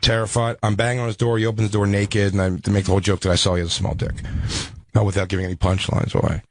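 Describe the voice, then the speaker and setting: A man, a comedian, telling a story in a rambling, animated way with many restarts. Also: lowish voice, racing. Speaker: comedian guest.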